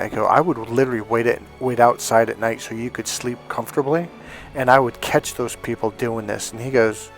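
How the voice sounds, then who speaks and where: Man, middle-aged, casual storytelling, animated, quotes people in acted voices, soft music underneath. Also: medium pitch, brisk. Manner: animated, acts out quoted voices, many fillers. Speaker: relationship coach.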